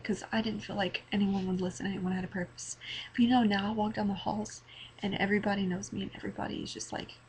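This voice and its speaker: A teenage girl giving an earnest, halting personal testimony to her webcam, emotional and near tears, often repeating words. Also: mid-range voice, slight background noise, rough recording. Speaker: vlogger. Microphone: webcam mic.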